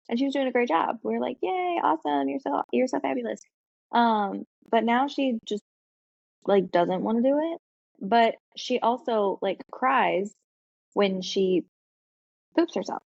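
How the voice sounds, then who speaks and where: A woman co-hosting a podcast, telling a long casual story full of "like" and "um" and quick laughs. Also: a little high, gravelly, darkish tone, dry recording, highs cut off. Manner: chatty storytelling with frequent fillers and laughs. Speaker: podcast co-host. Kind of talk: casual chat.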